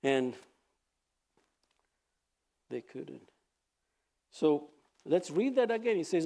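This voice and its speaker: Male pastor, high voice, earnest exhorting sermon delivery. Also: sing-song, dark tone. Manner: earnest, exhorting, reads scripture aloud with pauses.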